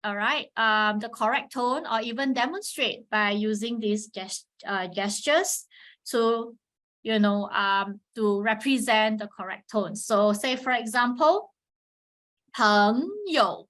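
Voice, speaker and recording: A woman presenting an instructional webinar, patiently explaining and checking in with "all right," sometimes modeling tones with sharp pitch swings. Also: steady tone, unhurried. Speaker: webinar presenter on teaching Chinese.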